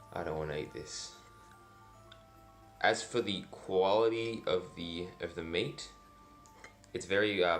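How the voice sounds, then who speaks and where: A man doing a casual food review vlog, dry and self-deprecating, rambling with lots of fillers. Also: low voice. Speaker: food vlogger.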